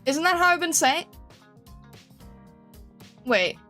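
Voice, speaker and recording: Woman game streamer, high and unhurried, flustered and laughing as she answers chat. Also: animated, pushed and bright, soft background music. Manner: giggly, flustered, reads viewer comments aloud. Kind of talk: casual live-stream chat with viewers.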